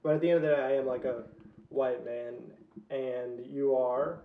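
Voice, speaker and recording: A man's voice: medium pitch, steady tone, normal speed, distant mic. A man from the Southern United States co-hosting a podcast in casual chat, talking loosely with lots of fillers. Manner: chatty, filler-heavy, laughs easily. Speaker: podcast co-host. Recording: echoey lo-fi room.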